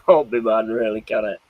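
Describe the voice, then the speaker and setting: A British man hosts a casual live stream, laid-back and quick to laugh, with plenty of swearing as he reads comments aloud. His voice sits at an ordinary pitch. It is recorded close and dry, with no room sound. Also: dry recording, highs cut off. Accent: British English. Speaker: streamer host. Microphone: streaming mic.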